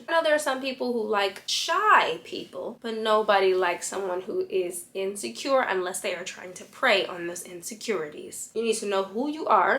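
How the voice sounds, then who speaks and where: A woman's voice: on the high side, a bit bright. A woman giving blunt, sassy dating advice straight to camera as a fashion influencer. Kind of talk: talking-head advice vlog.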